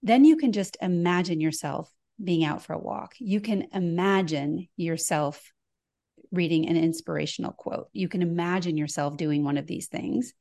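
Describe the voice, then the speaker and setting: A woman hosting a podcast, calmly talking a guest through a written exercise with casual fillers. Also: on the low side, moderate pace, creaky. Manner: calm, explanatory, with casual fillers. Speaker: host giving an exercise. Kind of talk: guided instruction in a podcast conversation.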